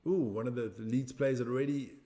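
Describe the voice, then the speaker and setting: A man's voice: medium pitch, fairly even intonation, brisk, mellow. Chatty middle-aged man hosting a stream. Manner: chatty and rambling, answers viewers' comments, jokes about his age. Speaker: watch-along stream host. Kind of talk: casual live stream chat reacting to a match.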